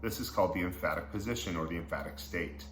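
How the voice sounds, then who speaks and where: A man with a fairly low voice leads a casual Bible study, reading verses and then unpacking them in slangy, enthusiastic asides. The recording is roomy and echoey, with a faint hum of noise underneath. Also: fast talker. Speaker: Bible teacher.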